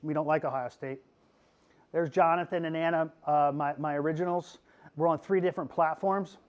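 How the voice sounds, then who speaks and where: A middle-aged man from Pennsylvania gives a lively talk to a class of students. His voice sits a little high for a man, and he keeps it goofy and animated, checking in with "okay?" over and over. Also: moderate pace, lo-fi sound. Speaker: podcast host giving a class talk.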